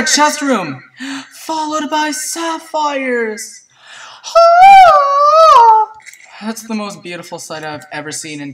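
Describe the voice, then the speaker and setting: A gameplay commentator chatting to viewers in a let's play, excitable and prone to yelps and shrieks at surprises. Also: medium pitch, recorded from a distance, slight background noise, rough recording. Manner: chatty, talks to viewers as "guys".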